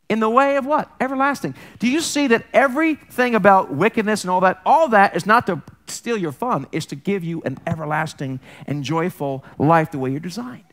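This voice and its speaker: A man's voice: high voice, a bit bright. A man preaching as a pastor, talking in a loose, joking way and often breaking off to apologize or correct himself. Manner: conversational, jokey, self-interrupting. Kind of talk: sermon.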